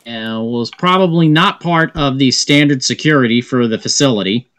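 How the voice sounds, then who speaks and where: A man narrating a tabletop game as game master, halting with frequent fillers. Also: mid-range voice, fairly bright tone.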